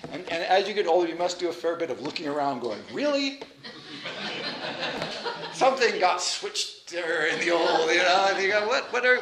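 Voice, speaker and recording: Guy lecturing casually, kinda high bright voice, chatty, echoey lecture hall. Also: a little hiss or hum. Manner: chatty and animated, with self-deprecating asides. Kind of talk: informal lecture.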